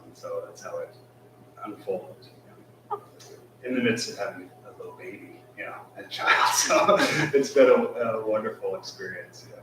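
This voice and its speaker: A man who teaches school, talking casually at a temple service, halting with many fillers and soft laughs. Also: on the low side, slight background noise. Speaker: guest speaker, schoolteacher. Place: temple hall. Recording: echoey hall, mic from far off.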